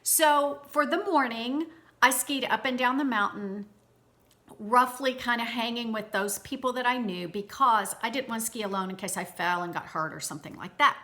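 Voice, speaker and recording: A woman with a bright, slightly high voice recounts a personal story for her viewers. She talks in a chatty, animated way, often restarting her sentences and speaking to the audience directly. The delivery sounds like a casual storytime video. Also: normal speed. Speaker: vlogger.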